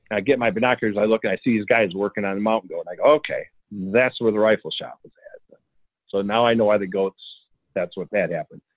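A man's voice: on the low side, no room sound. Laid-back man telling a story over the phone. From Michigan. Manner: laid-back, rambling, plays out dialogue. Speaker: guest storyteller. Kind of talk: casual storytelling. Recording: dry phone-like line.

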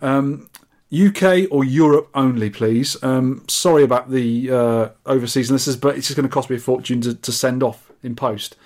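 A British man co-hosting a casual podcast, reading out listener feedback. He has a dry, teasing way of talking. His voice sits at an ordinary middle pitch. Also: moderate pace, darkish tone. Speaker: podcast co-host.

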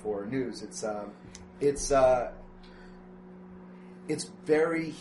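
A man running a tabletop game as game master, narrating haltingly with many fillers. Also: medium pitch, a little mellow, echoey room, a little hiss or hum.

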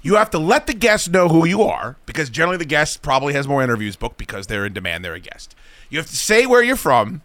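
A male talk-radio host tells an exasperated, profane story and acts out other people's lines. His voice is bright and sits a bit high. It swings widely in pitch, and the studio sound is dry and close. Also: big pitch swings, fast talker, no echo. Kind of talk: casual comic talk radio rant.

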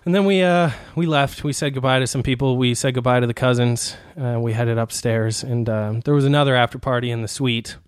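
A man's voice: mid-range voice, brisk, hardly any pauses, clear, resonant tone, dry recording, studio quality. A man casually telling a long rambling story on a podcast, cursing freely and laughing as he goes. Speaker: podcast host.

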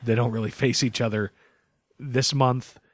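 Male podcast co-host, casual and profane, mid-pitched, dry studio sound. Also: fairly even intonation, normal speed, no room sound. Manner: joking, profane, does goofy impressions. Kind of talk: casual podcast chat about comics and films.

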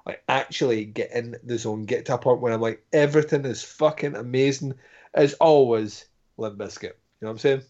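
A man's voice: medium pitch, fairly even intonation, a little mellow. Jokey man, muffled audio. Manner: rambling, jokey, quick to do voices. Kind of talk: casual podcast chat.

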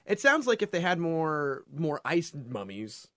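A man co-hosting a casual chat, wry and quick with a quip. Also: on the high side, very animated, bright, forceful tone, no echo, studio quality. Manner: wry, laughing, quick quips. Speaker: podcast co-host.

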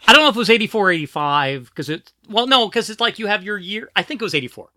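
A middle-aged woman co-hosts a casual podcast, her voice bright and forceful. She rambles, restarts her sentences and slips into giggles, recorded close up in a dry, dead room. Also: medium pitch, lively intonation, fast, no room sound. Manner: rambling, giggly, self-interrupting. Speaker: podcast co-host.

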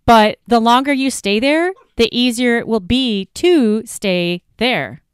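Woman host, solo coaching podcast, fairly high smooth voice, blunt emphatic delivery, dry close mic. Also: takes it slowly, no room sound. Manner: emphatic, direct, rhetorical questions.

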